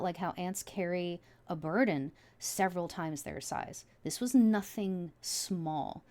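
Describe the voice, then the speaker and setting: A woman giving a casual tarot reading to viewers, excitable and emotional, often trailing off and restarting her sentences. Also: fairly low pitch. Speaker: tarot reader.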